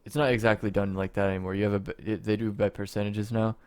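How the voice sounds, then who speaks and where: A man's voice: on the low side, level tone, racing, smooth, no room sound. Rambling, profane podcast co-host man. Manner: rambling, profane, laughs often. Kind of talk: casual chat.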